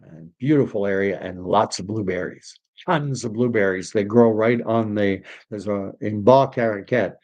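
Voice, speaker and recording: Reading viewer comments on a casual stream, this Canadian host rambles across topics and mixes in French expressions. His voice is lowish and darkish, moving at a moderate pace with hardly any pauses, and the recording's high frequencies are cut off.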